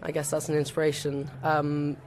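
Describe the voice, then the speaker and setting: A woman's voice: deep voice, monotone, moderate pace, a little mellow. A teenage girl at a comedy school, talking in a hesitant, casual way.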